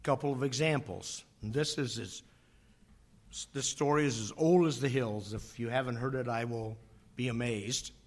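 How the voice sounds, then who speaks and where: A man preaching a sermon, slow and dramatic, dropping to a near whisper on key phrases and acting out voices in his stories. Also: medium pitch. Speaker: pastor.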